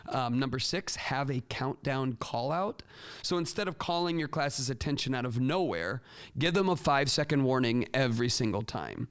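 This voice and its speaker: A man hosting a casual advice talk for teachers, lively and animated, acting out classroom call-outs with big jumps in pitch. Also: normal speed, clean tone. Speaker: podcast host and teacher educator.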